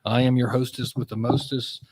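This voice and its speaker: A man's voice: mid-range voice, flat delivery, normal speed, darkish tone. Playful, joking male podcast host. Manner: playful, jokey, teasing. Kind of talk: casual chat. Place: cigar lounge studio.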